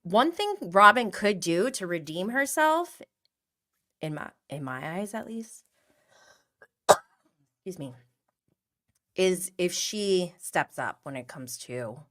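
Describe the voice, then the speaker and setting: A woman in her thirties hosts a casual reality TV podcast, talking in a chatty, animated way. Her voice sits a little low, and she laughs often as she greets live chat viewers by name. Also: takes it slowly, pauses often. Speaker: podcast host.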